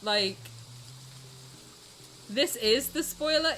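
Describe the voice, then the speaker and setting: A woman's voice: high-pitched, big pitch swings, unhurried, sharp tone, a little hiss or hum, rough recording. A woman streamer reacting live to a game, blunt and swearing freely as she talks back to her chat.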